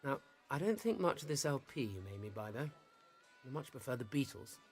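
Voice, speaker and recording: A man's voice: medium pitch, very animated, a little fast, darkish tone, faint music behind, close to an everyday voice. A man playing an earnest, friendly schoolboy in an audio drama.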